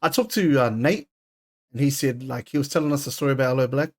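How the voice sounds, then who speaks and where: A man's voice: mid-range voice, fast. A man hosting a casual podcast, joking around and using slang and swearing. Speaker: podcast host.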